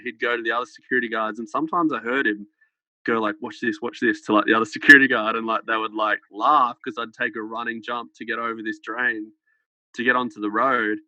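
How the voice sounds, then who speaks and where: A man's voice: medium pitch, level tone, brisk, pushed and bright. A young man telling a story as a podcast guest, rambling with lots of fillers and light laughter. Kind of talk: casual storytelling. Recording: dull lo-fi podcast sound.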